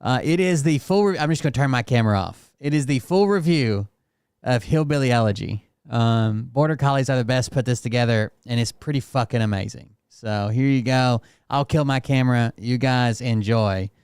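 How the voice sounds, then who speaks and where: A man's voice: mid-range voice, moderate pace, darkish tone, clean tone, no echo, clean studio sound. A man hosting a casual show, talking in a loose, rambling and profane way. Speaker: host. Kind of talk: casual chat.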